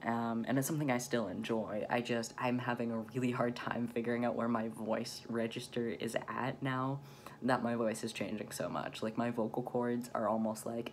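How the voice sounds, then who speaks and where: A man's voice: mid-range voice, level tone, moderate pace, slight background noise. A young man chatting casually in a vlog, his voice still changing on testosterone, with lots of "um"s and little laughs. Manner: chatty, many "um"s and light laughs, self-deprecating. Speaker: vlogger.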